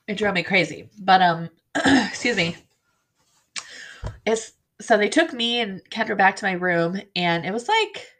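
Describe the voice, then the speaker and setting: A woman telling her own story as a bereaved mother, halting and frank, with blunt swearing. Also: on the low side, vocal fry, a bit bright. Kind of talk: personal storytelling to camera.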